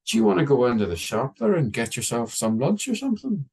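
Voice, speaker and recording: A man's voice: mid-range voice, sing-song, brisk, vocal fry, darkish tone, breathy edge, pitched above the performer's own voice, full character voice. A man playing a chatty grandfather who keeps asking friendly, probing questions. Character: chatty older grandfather, driving a van.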